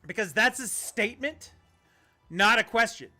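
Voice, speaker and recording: A man's voice: high-pitched, expressive, moderate pace, pushed and bright, soft background music. A man streaming a video game, chatting casually and ranting bluntly, with some profanity. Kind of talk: casual livestream chat while gaming.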